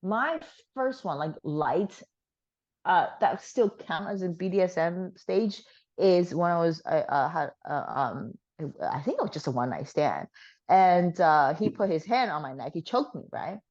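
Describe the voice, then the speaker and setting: A slightly hoarse woman chatting frankly as an interview guest, with plenty of fillers. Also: lowish voice, lively intonation, a little slow, darkish tone, lo-fi sound. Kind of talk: casual chat.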